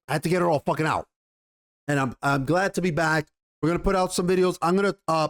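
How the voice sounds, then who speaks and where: A man hosting a commentary video, ranting heatedly with lots of swearing and rambling restarts. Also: a little high. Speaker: YouTube commentary host.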